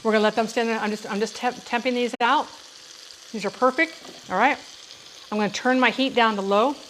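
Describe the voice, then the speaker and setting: Middle-aged woman, cooking host, slightly high voice, rambling chatty asides, kitchen with faint sizzling behind. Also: fairly even intonation, fairly quick, slight background noise, rough recording. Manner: rambling, warm storytelling with frequent asides to viewers. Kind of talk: chatty live cooking demonstration. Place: home kitchen. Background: sizzling frying pan.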